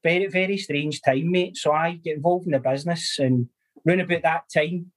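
A young Scottish man, a guest on a casual podcast, telling animated stories with swearing and laughter. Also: on the high side, moderate pace. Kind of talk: casual storytelling chat.

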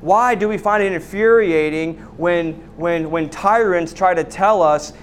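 A man's voice: high voice, expressive, unhurried, slight background noise. A man preaching a sermon as pastor, asking repeated rhetorical questions and often restarting his words.

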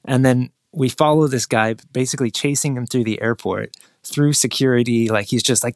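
A man's voice: mid-range voice, steady tone, normal speed, no room sound, clean studio sound. A man telling a long, rambling anecdote in a casual chat, restarting sentences often. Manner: rambling storyteller with many restarts, mimics people in quotes. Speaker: guest telling a travel story.

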